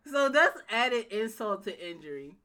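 A woman chatting as a co-host, her voice swinging widely in pitch as she gets worked up and acts out scenes. Her tone is bright and forthright, emphatic on every point. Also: big pitch swings, a little slow. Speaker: podcast co-host. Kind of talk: casual chat recapping a TV show.

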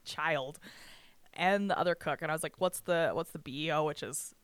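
A casual storyteller with a smooth, clear voice, recorded close and dry with no room sound. They swear freely and slip into other people's voices as they retell a story. The pitch sits mid-range. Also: moderate pace, fairly bright tone, dry recording. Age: adult with ten years of banquet work. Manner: swears freely, acts out quoted dialogue, frequent laughs.

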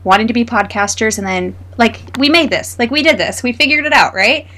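A woman's voice: a little high, a little fast, pushed and bright, slight background noise. A woman from Idaho co-hosting a podcast, upbeat and chatty in casual talk. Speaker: podcast co-host.

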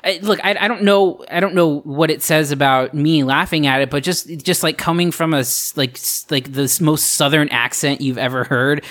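A man's voice: fairly high pitch, steady tone, moderate pace, few pauses, fairly bright tone. A man co-hosting a podcast in casual chat, rambling and hesitant, circling his points before landing them. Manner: rambling, hesitant, many fillers and restarts, laughing along.

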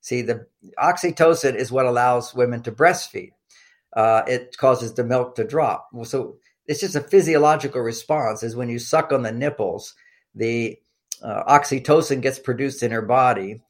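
A man's voice: medium pitch, normal speed. An older man, a guest expert on relationships, explaining in casual interview talk with frequent fillers and restarts and a coaching tone.

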